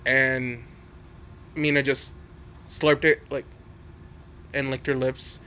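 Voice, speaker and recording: A man's voice: medium pitch, little pitch movement, slow, sharp tone, a little hiss or hum. A man casually telling an improvised fan story, rambling and profane, full of likes and restarts.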